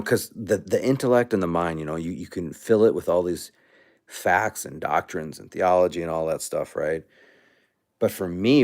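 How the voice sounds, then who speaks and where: A man hosting a casual livestream, out of breath and rambling with many restarts. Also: sits low. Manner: rambling, animated, restarts often. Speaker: livestream host.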